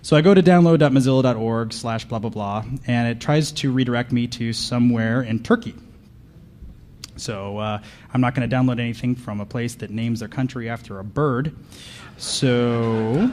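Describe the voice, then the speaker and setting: On a conference panel, a man gives a comedic live talk full of sarcastic, mock-paranoid riffs, firing questions at the audience. His medium-pitched voice has a darkish tone at normal speed, with slight background noise.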